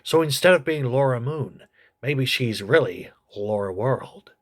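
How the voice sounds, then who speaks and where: A man's voice: medium pitch, expressive, measured pace, natural voice. A man playing a crude gossipy old politician. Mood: snarky. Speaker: comedy reviewer. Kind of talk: comedic TV review.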